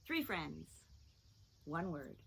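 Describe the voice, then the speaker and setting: A woman teaching a children's phonics lesson, talking in a slow, sing-song, encouraging way. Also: deep voice, big pitch swings, vocal fry, slight background noise.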